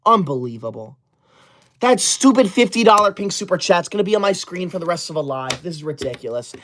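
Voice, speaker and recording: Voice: mid-range voice, lively intonation, fast talker, a bit bright. A livestream host reading super chats aloud in a comedic bit, scolding viewers in a fussy, easily offended, school-loving persona.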